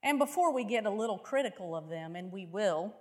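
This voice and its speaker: A woman's voice: medium pitch, expressive, a little fast, darkish tone, in a large hall. A woman preaching a sermon, telling a story vividly and often asking her listeners rhetorical questions.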